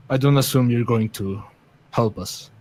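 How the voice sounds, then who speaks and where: Slow, thoughtful man playing the game. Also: medium pitch, darkish tone, rough recording. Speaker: player. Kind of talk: tabletop game play.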